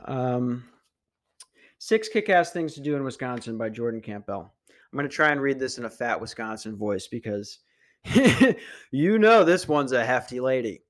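A man's voice: mid-range voice, lively intonation, measured pace. A young man hosting a podcast, ranting casually in a crude, meandering and sarcastic way. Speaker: podcast host. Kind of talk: casual rant.

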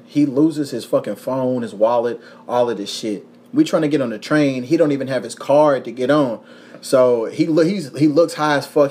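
A young man from Kentucky with a Kentucky accent, hosting a podcast and telling a rowdy story in casual chat, full of cursing and acted-out quotes. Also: mid-range voice. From Kentucky, USA. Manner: profane, animated storytelling with voiced quotes. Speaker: podcast host.

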